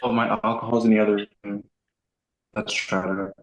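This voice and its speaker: A man's voice: lowish voice, little pitch movement, normal speed, no echo, low-quality recording. Male caller, sassy one-liners, dry mic.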